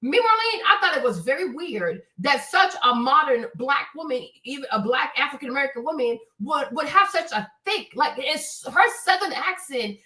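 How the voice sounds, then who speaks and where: A blunt, profane woman delivers opinionated stream commentary in a high, sharp-edged voice. She keeps pressing her listeners with "right?" and "okay?". Her voice sounds roomy and comes from a little way off the mic. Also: animated, moderate pace, hardly any pauses, distant mic.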